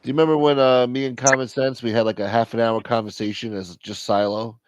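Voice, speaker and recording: A man's voice: mid-range voice, level tone, fast talker, lo-fi sound, noisy background. An easygoing, agreeable man in a casual chat.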